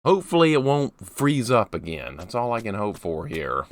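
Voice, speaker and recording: Chatty low-voiced male game streamer. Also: sing-song, moderate pace. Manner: chatty, greets viewers by name, self-mocking. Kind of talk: casual live gameplay commentary.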